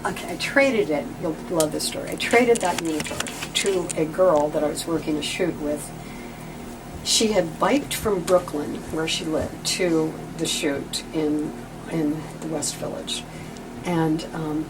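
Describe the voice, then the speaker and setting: A woman in her late sixties, a guest telling chatty, animated stories about her past work. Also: low voice, a little slow. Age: 60s. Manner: chatty, animated, acts out quoted voices. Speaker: interview guest, former visual merchandiser. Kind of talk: casual storytelling chat. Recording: distant mic with clear background noise.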